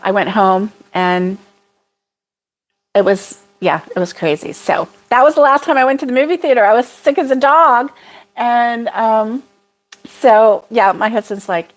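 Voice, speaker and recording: An American woman with a mid-range, unhurried voice hosts a relaxed livestream chat. Chatty and apologetic, she often laughs while reading out viewer comments.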